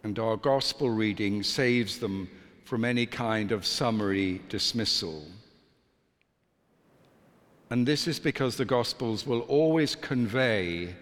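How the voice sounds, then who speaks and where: Slow-speaking priest in an echoing church. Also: male voice, on the low side, fairly bright tone. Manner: measured, deliberate delivery with dramatic pauses. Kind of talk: sermon. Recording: long church reverb.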